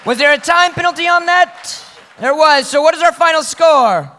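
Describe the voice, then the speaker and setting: A man hosting a live poetry slam, loudly announcing judges' scores to the audience. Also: very high voice, normal speed. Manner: loud, announces scores to the crowd. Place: ballroom event with audience. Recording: live hall with crowd noise.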